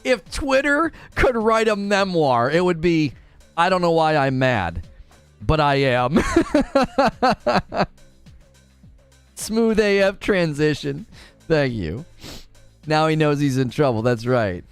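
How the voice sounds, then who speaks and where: A man's voice: fairly high pitch, big pitch swings, slow pace, pauses often, clean tone, soft background music. A man hosting a casual live stream, chatting and joking with viewers, laughing often and slipping into playful voices. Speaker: streaming show host.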